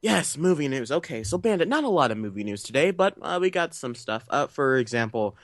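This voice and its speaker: A man's voice: mid-range voice, sing-song, a little fast, heavy background noise. A young man co-hosting a movie podcast in casual chat, rambling with restarts and jokey asides. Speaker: podcast co-host.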